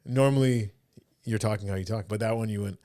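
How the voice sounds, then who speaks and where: A man's voice: fairly low pitch, a little fast, warm tone. A man hosting a podcast in casual chat, joking and rambling. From Canada. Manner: joking, rambling, does mock voices. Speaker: podcast host.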